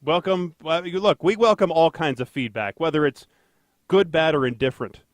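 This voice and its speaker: A man's voice: on the high side, normal speed, no echo. A man co-hosting a casual podcast, rambling and joking with lots of fillers and self-deprecating asides. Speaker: podcast co-host, traffic anchor.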